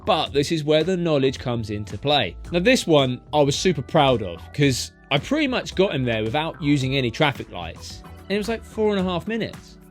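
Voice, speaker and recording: A man's voice: on the high side, big pitch swings, normal speed, hardly any pauses, soft background music. A man, a taxi driver chatting his way through his routes street by street in a driving vlog. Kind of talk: narrated driving vlog commentary.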